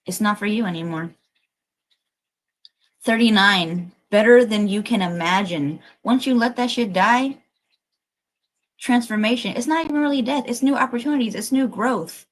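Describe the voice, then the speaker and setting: A woman's voice: fairly high pitch, normal speed, pauses often, rough recording. A woman giving a livestreamed collective tarot reading, emotional and emphatic, urging listeners on and swearing casually. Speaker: tarot reader.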